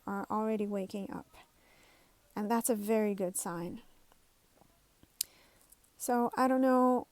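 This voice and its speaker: A woman's voice: on the high side, no echo. A woman talking casually to her viewers, rambling through a story with many fillers and restarts. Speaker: vlogger. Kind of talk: casual talk to camera.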